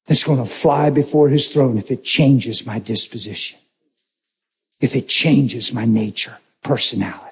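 A man preaching a sermon as a pastor, telling stories in a lively way with jokes and laughter. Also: mid-range voice. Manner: animated storytelling, joking and laughing.

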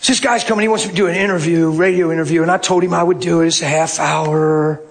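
A male pastor telling a story in a sermon, animated, dropping low and then rising to shouts. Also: fast talker, vocal fry.

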